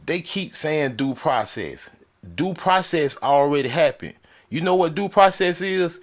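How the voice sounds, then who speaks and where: A man delivering a loud, profane, mocking comedic rant on a desk mic with a soundboard. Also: fairly high pitch, expressive, measured pace. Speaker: comedic commentator.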